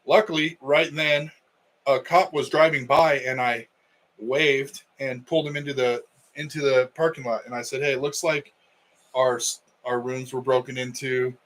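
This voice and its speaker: A man's voice: mid-range voice, steady tone, moderate pace, a bit bright, low-quality recording. A middle-aged man, a wrestling coach co-hosting a podcast, telling a story in casual chat and acting out the quotes.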